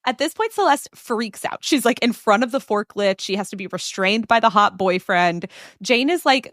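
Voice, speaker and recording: A woman telling a story in casual podcast chat, animated, slipping into the voices of the people in it. Her voice sits at a middle pitch, and the sound is dry and close. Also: moderate pace, dry recording. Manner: animated retelling, acting out quoted characters.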